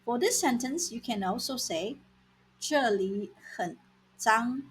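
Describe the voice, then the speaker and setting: A woman teaching vocabulary in a scripted lesson, saying words slowly and repeating them for learners. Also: on the high side, animated, a little hiss or hum, low-quality recording. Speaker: language teacher.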